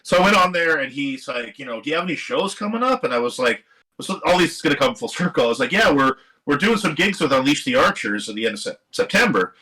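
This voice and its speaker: A middle-aged man from Seattle, a guest musician telling a long story in a casual, animated interview, swearing now and then and acting out what other people said. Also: mid-range voice, fast talker, rough recording. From Seattle area. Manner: animated, swearing, quotes others in lively voices. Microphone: live stream microphone.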